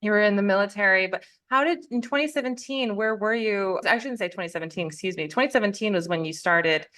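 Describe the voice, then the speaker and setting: A woman's voice: medium pitch, fast. A woman hosting a real estate podcast, introducing and questioning her guest with enthusiasm. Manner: enthusiastic, warm laughter. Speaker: podcast host. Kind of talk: interview hosting.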